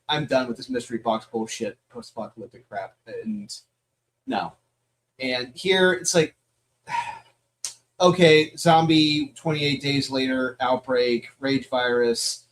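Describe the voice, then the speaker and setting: A man co-hosting a comics podcast, blunt and profane, ranting in an animated way and acting out his own reactions. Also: mid-range voice. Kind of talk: casual chat.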